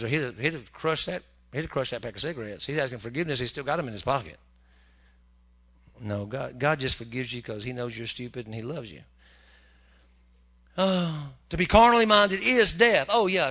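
A man preaching a humorous sermon in a folksy, joking way, slipping into quick character voices. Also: mid-range voice, fairly bright tone.

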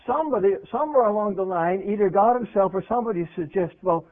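A man preaching a sermon in a conversational way. He asks his listeners questions, and his voice swings from loud to hushed. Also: high voice, fast talker. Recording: tinny phone-like radio recording.

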